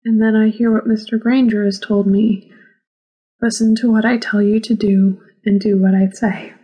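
A woman narrating a first-person memoir audiobook in a slow, measured reading. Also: medium pitch, flat delivery, warm tone, husky, highs cut off.

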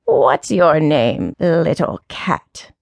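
A woman voicing a scornful old female alley cat with a deep, raspy, taunting voice and a slow sing-song delivery. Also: expressive, no room sound, full character voice.

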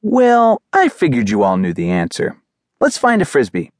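A man voicing a calm, patient male dog who leads his friends with coaxing questions. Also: mid-range voice, moderate pace, no room sound, studio quality.

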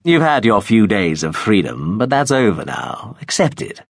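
A pompous, deep-voiced villain from an audiobook, as a male narrator puts him on. He coaxes and threatens in a theatrical, silky way, with a low, slightly husky tone and a lively rise and fall. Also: moderate pace, no echo, studio quality. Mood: cajoling menace. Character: smug wealthy menacing man hunting a girl. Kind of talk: audiobook character voice.

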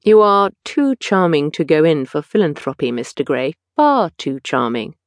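A woman voicing a witty, languid aristocratic gentleman with a drawling, teasing manner. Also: sits low, big pitch swings, moderate pace, no room sound. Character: languid witty older aristocrat, mildly mocking.

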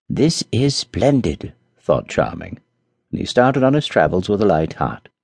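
A man reads a children's fairy tale in a low, warm voice, and his pitch rises and falls in a lively way. The recording is dry and close. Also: no room sound. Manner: expressive, storytelling. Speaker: audiobook narrator. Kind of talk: scripted storybook narration.

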